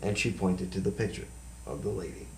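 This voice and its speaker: Host, male, animated storyteller who acts out the voices, echoey room, off-mic, faint hiss. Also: low-pitched, brisk, far from the mic. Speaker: host and psychic medium. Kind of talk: casual storytelling on a talk show.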